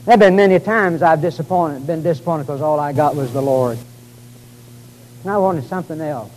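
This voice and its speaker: A man preaching a sermon in a folksy, dramatic way, calling his listeners folks and swinging from exclamations to quiet lines. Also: normal speed, low-quality recording. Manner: dramatic preaching, rising to exclamations and dropping low. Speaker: pastor.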